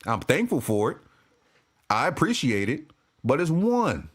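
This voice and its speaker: A man's voice: on the high side, wildly swooping pitch, slow pace, slightly rough. A man giving a casual, profane sports-fan rant to camera, laughing and repeating himself as he goes.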